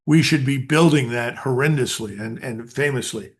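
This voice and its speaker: Older american guy, blunt and emphatic, lecturing like a retired colonel, mid-pitched voice. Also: moderate pace. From United States. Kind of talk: interview commentary.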